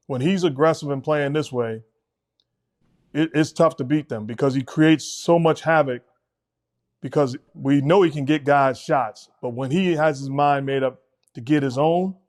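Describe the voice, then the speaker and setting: A middle-aged man calmly breaking down basketball plays as co-host of a sports talk show. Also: mid-range voice. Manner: measured, coach-like breakdowns. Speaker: podcast co-host, basketball analyst.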